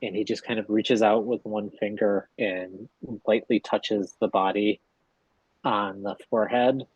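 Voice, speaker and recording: Low husky guy running a tabletop game, super slow, lots of ums, dry mic. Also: fairly even intonation, no room sound, lo-fi sound. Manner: slow, hesitant narration with fillers. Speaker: game master.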